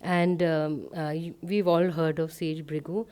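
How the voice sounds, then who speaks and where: A woman gives a spiritual talk and tells a story. She speaks conversationally and often pauses with fillers. Her voice is mellow and warm. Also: sits low, little pitch movement. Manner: conversational, with frequent fillers and light laughter. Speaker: satsang speaker.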